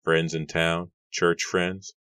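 A man voicing a poor, soft-spoken young hired man, earnest and quiet, in a storybook reading. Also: low voice, little pitch movement, slow pace, clean tone, no echo, heavily acted.

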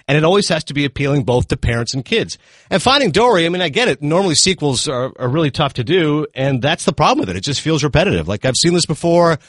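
A man chatting through his film reviews at a brisk clip, his slightly high voice swinging up and down as he talks. He retells scenes with quick asides. The sound is close and dry, with no room around it. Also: fairly bright tone, dry recording. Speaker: film critic. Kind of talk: casual film review chat.

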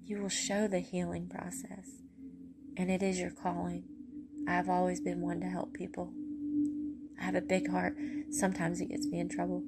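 A woman's voice: on the low side, completely flat delivery, creaky, background noise. A tired woman giving an earnest, emotional personal testimony on a podcast. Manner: earnest, heartfelt, preachy, with pauses. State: tired, voice going.

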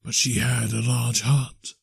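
A solemn, gentle spirit speaks slowly and softly in an audiobook, voiced by a man. The delivery is grave and hushed. The recording is dry and close, with no room sound. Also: mid-range voice, level tone, creaky, breathy edge, no echo, heavily acted.

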